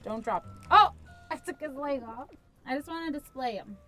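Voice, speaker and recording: A woman's voice: high voice, animated, moderate pace, sharp tone. A young woman hosting a gaming video, chatting bubbly to the cats in a VR game as she plays. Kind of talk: playing a VR game with commentary.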